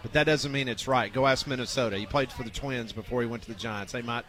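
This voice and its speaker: Radio sports guy reading scores, trips over words a bit, mid pitch. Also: fast talker, pushed and bright. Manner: reads scores and notes, stumbles and repeats. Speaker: radio sports talk host. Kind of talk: casual sports radio chat.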